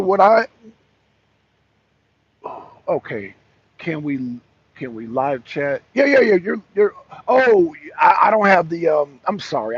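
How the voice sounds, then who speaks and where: A man with a husky, slightly high voice hosts a casual political talk show. He talks with a caller, repeats his points for emphasis and restarts his sentences often. The sound is dull and lo-fi. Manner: emphatic and repetitive, with frequent restarts.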